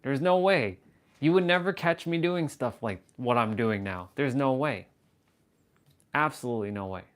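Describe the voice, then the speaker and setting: Speaking to a camera on a tripod at eye level, a man hosts a casual livestream, rambling and amused at himself, at times slowing into a hushed, intense delivery. His medium-pitched voice has lively intonation.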